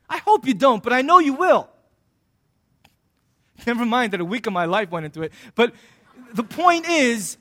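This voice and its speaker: A pastor with a very high voice delivers a sermon in a loose, conversational style. He jokes with the congregation and slips into quick acted-out scenes to make his points. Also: fairly bright tone. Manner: conversational and joking, acting out little scenes.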